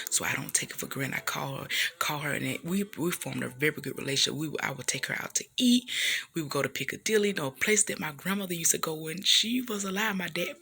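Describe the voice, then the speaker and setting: Earnest gravelly-voiced woman in her thirties. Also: low-pitched, bright, forceful tone. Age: 30s. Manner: earnest and emotional, with frequent "you know" fillers. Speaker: speaker sharing a personal testimony. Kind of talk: heartfelt personal testimony.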